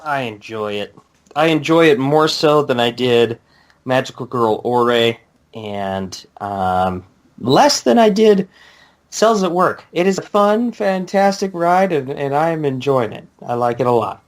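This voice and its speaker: A man's voice: medium pitch, unhurried. A man co-hosting a podcast, giving his opinion in casual chat with short, agreeable remarks. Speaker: podcast co-host.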